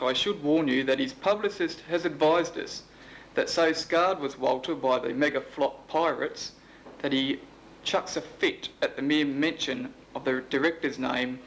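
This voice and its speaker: A man with an Australian accent hosting and interviewing a guest in a brisk, mock-serious way. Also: mid-range voice, fairly bright tone, a little hiss or hum, rough recording. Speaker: host.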